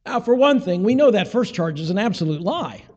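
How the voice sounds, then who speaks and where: High-voiced male preacher in an echoing hall. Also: sing-song, a little fast, darkish tone, lo-fi sound. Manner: teaching, acts out quoted voices, rhetorical questions. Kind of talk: sermon.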